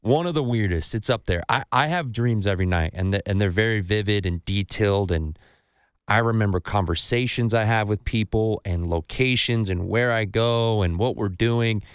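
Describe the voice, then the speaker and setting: A man's voice: fairly low pitch, normal speed, smooth, no room sound, studio quality. A man hosting a casual podcast, telling stories with lots of swearing and acting out other people's voices. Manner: animated storytelling, acts out voices of others, swears freely. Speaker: podcast host.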